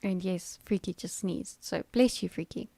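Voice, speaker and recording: A woman's voice: on the low side, moderate pace, gravelly, dark tone, dry recording. A middle-aged woman, hosting a casual livestream chat, rambling and laughing with fillers. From South Africa. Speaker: livestream host.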